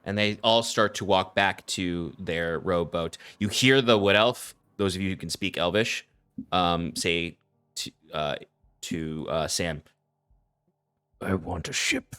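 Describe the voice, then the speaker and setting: A man narrating as game master of a tabletop game with unhurried description. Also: sits low, fairly bright tone, smooth.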